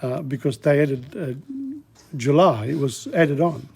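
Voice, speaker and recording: A man's voice: mid-range voice, takes it slowly, gravelly, darkish tone, breathy edge. An older man, a native Italian speaker, teaching in a casual, rambling way with many fillers and restarts. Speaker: language teacher. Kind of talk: casual spoken lesson.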